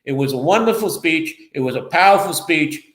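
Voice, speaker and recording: A man's voice: fairly high pitch, expressive, brisk, fairly bright tone, roomy sound, low-quality recording. A man co-hosting a local political talk show, defensive and rambling as he explains himself. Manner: defensive, rambling, repeats the other host's name. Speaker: co-host and local reporter. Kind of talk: casual political chat show.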